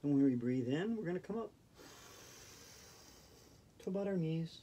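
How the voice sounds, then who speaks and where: A man leading a yoga routine in a gentle, playful, chatty way. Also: a little high, animated, normal speed, muffled recording, slight background noise. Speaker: yoga instructor. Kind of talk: guided yoga instruction.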